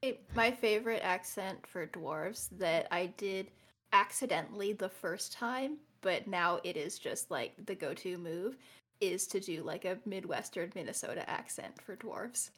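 A woman's voice: on the low side, unhurried, fairly bright tone. A woman from Canada on a podcast panel, chatting casually and telling a game story with animation. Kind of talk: casual chat.

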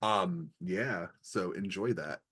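A man's voice: deep voice, slow, a bit bright, breathy edge. A man running a tabletop game as game master, laid-back as he describes scenes and rules.

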